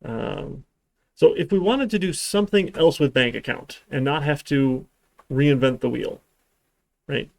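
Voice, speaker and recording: A man's voice: a little high, a little slow, gravelly, dry recording. A man teaching a programming class in a live-streamed lecture, talking in a rambling way with dry, sarcastic asides. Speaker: programming instructor.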